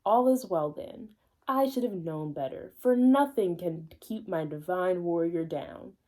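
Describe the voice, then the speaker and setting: A woman's voice: on the low side, darkish tone, close to an everyday voice. Thor, a woman reading a grand god-warrior. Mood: earnest devoted. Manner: slow, grand and old-fashioned. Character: booming devoted god-warrior man, earnest and formal.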